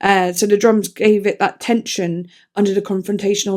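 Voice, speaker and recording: A young-sounding woman talks her way through a song review in an easy, chatty vlog voice. She is enthusiastic and a little self-deprecating, often drifting into soft, thoughtful asides. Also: medium pitch, flat delivery, moderate pace. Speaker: music reviewer.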